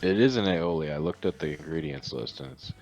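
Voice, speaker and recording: A man's voice: very deep voice, expressive, a little fast, darkish tone. A young man co-hosting a podcast, chatting casually and joking around. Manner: laid-back, joking, drops into mock impressions. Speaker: podcast co-host. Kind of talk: casual chat.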